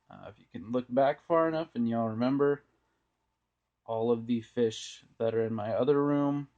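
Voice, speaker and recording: In lo-fi sound, a young man with a fairly low, dark voice gives a relaxed, meandering tour of his home aquariums. The hobbyist vlogger films the walkthrough indoors on a phone camera he's holding.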